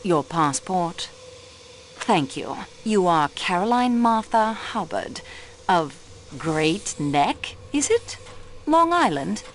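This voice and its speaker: Calm, formal French woman sleuth, game role, expressive lilting delivery. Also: lowish voice, slow, slight background noise. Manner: calm, polite, formal questioning. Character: composed French female investigator. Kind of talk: video game voice acting.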